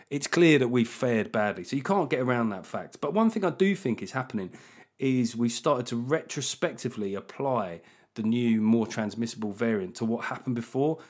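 A middle-aged man hosting a comedy podcast alone, talking in a sweary, self-mocking way with animated asides. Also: medium pitch. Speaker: podcast host. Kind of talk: solo comedy podcast monologue.

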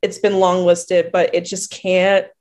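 A woman's voice: on the low side, level tone, measured pace, darkish tone. A woman from New Jersey, a poet being interviewed, who chats casually, laughs often and acts out the people she quotes.

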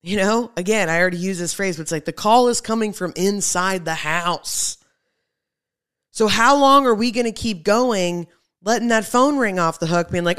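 A young woman hosts her own podcast in a loose, talky monologue. Her voice is smooth and clear, her pitch sits mid-range, and she swings her delivery for emphasis as she addresses her listeners as friends. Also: moderate pace, fairly bright tone. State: pregnant. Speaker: podcast host. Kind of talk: casual monologue.

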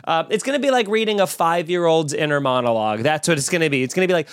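Guy in his 30s doing a mocking comedy rant, highish smooth voice. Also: fast talker, hardly any pauses, no room sound, clean studio sound. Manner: sarcastic, animated, mocking. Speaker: comedian podcast host.

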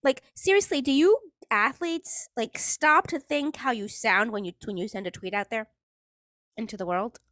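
A woman's voice: fairly high pitch, moderate pace, fairly bright tone, no echo, studio quality. A woman hosting a solo podcast, ranting in a sarcastic, exasperated way and swearing freely. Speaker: podcast host.

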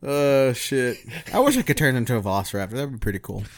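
A man's voice: mid-range voice, animated, quick pace. A man with a mid-range voice trades crude jokes in loose podcast banter. He talks in bursts and says sorry for going too far. He comes across as the co-host who keeps pushing the joke. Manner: crude, joking, apologetic. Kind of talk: casual banter.

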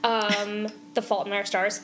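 A young adult woman co-hosting a podcast, chatting in an expressive, exclamatory way and swearing casually. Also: medium pitch, a little slow, a little hiss or hum. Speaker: podcast co-host. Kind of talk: casual chat.

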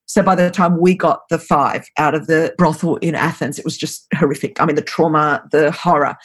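A woman's voice: deep voice, steady tone, normal speed, breathy edge. Brief: earnest, urgent woman in her fifties, interview storytelling, stresses phrases by repeating them. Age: 50s. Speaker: anti-trafficking ministry leader.

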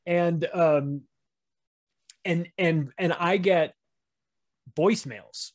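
A man's voice: on the high side, extremely slow. A man chatting on a podcast, telling rambling stories with lots of restarts. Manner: rambling, animated storytelling with frequent restarts. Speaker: podcast guest. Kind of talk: casual podcast chat.

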